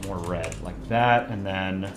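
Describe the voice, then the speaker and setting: Male streamer, casual and chatty mid-drawing; echoey room, soft music underneath. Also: low voice, measured pace. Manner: relaxed, chatty, thinking aloud while drawing, reads chat requests. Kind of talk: casual live-stream chat while drawing.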